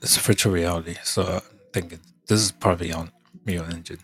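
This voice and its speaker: A podcast host, a man with a congested, hoarse voice, rambling in casual chat, halting and trailing off as he thinks aloud. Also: deep voice, fairly even intonation, a bit bright.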